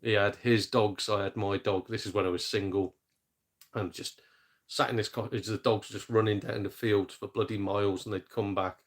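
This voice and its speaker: A man's voice: lowish voice, fairly even intonation. A young man, chatting casually on a gaming live stream, joking, laughing easily and swearing mildly. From England, Shropshire near the Welsh border. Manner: chatty, jokey, quick laughs, mild swearing.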